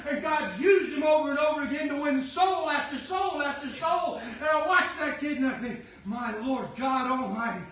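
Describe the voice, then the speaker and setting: A middle-aged man preaching a sermon as pastor, fervently shouting his exhortations to the congregation. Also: very high-pitched, normal speed, few pauses. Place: church sanctuary. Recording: echoey sanctuary from far off with faint hum.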